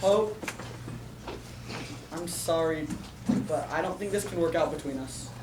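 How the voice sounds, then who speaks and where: A teenage boy acting an awkward young man on a date, halting and unsure, in a live school comedy. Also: a little high, very noisy, close to an everyday voice. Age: teens. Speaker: student actor. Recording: echoey school hall from far off, music.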